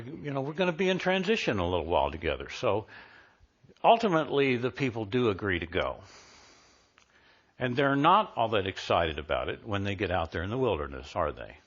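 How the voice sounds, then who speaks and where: A man's voice: fairly low pitch, a bit bright, slightly rough. Man preaching a conversational sermon. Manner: conversational, asks the congregation questions. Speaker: minister. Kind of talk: live sermon. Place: church sanctuary. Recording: dull live church recording.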